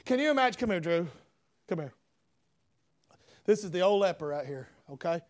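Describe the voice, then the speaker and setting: A man preaching a sermon, loud and folksy with fervent emphasis. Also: high-pitched, animated, moderate pace. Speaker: pastor.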